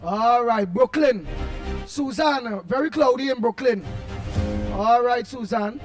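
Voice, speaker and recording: A Trinidadian man hosting a live show, greeting viewers one by one in loud, husky, playful banter. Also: very high-pitched, slow pace, music in the background. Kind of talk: casual live-stream chat.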